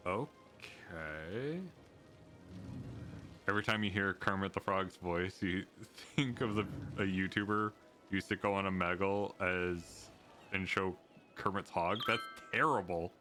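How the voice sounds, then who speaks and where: A man chatting casually while playing a co-op game, laid-back and quick to laugh. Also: deep voice, bright, forceful tone, faint music behind. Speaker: co-op game player. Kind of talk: casual gaming chat.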